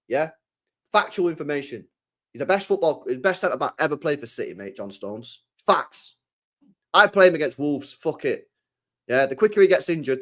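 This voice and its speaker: A man with a medium-pitched voice chats casually to his live-stream viewers. Excitable and heavy on the swearing, he keeps swinging between loud and quiet.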